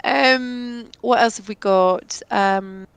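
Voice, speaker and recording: A woman's voice: on the high side, takes it slowly, gravelly, smooth, dry recording. A woman with a British accent, a guest chatting casually on a stream, giggly and drifting off topic.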